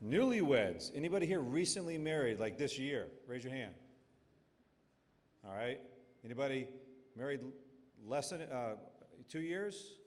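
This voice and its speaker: A man's voice: medium pitch, very animated, normal speed, long pauses. A middle-aged man emceeing a family reunion, chatty and joking as he asks the crowd questions. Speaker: reunion emcee handing out awards. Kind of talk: casual emcee talk to a crowd. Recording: long hall reverb.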